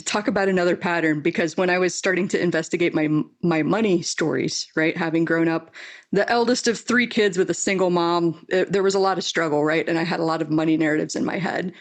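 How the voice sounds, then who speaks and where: A woman's voice: on the low side, a little fast. A woman hosting a podcast, speaking in a heartfelt, frank way with some mild swearing. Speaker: podcast host. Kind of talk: casual interview talk.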